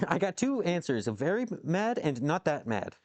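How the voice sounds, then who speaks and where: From a home workshop with a lathe, a livestreamer machines while casually chatting with viewers, rambling, cursing and reacting to what they type. His voice sits on the high side, sing-song and a little mellow, at normal speed and without echo.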